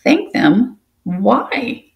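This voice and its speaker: A woman's voice: a little high, very animated, very slow, creaky, lo-fi sound, pitched above the performer's own voice, exaggerated voice. A woman voicing a small, nervous young male cat who asks shy questions in a storybook reading. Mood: timid curious. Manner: timid, curious.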